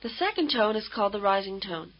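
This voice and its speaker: A woman's voice: mid-range voice, very animated, lo-fi sound. Woman narrating an old language-course tape. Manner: measured, patient, explanatory. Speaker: language instructor. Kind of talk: scripted instructional narration.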